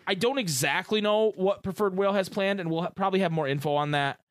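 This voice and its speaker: A man co-hosting a podcast in casual chat, excitable and full of gamer slang. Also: sits high, fast, no echo, clean studio sound. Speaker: podcast co-host.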